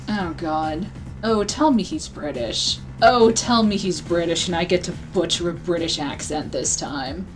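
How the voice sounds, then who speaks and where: Give me a playful young woman streamer chatting slowly over faint game music. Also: fairly low pitch, expressive. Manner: playful, reacts with quick asides. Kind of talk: casual let's-play commentary. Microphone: webcam mic.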